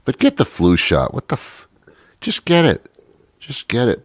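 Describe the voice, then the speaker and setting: A man's voice: medium pitch, wildly swooping pitch, a little slow, no room sound, clean studio sound. A man hosting a talk show, rambling sarcastically through a comic monologue with many asides. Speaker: radio show host.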